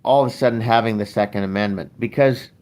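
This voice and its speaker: A man's voice: on the low side, fast talker, darkish tone. An older man, hosting a show and ranting bluntly in casual, profane talk. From Canada. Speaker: podcast host.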